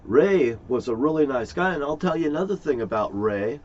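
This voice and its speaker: A man's voice: a little high, expressive, a little fast, darkish tone. Profane, aggrieved middle-aged man. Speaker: vlogger. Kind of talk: rambling monologue to camera. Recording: dull lo-fi recording.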